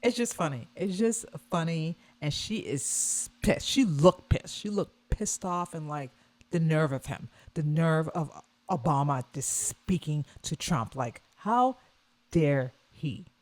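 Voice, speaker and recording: A woman vlogger giving casual reaction commentary on a video, animated and scornful, repeating her points. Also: low-pitched, slow.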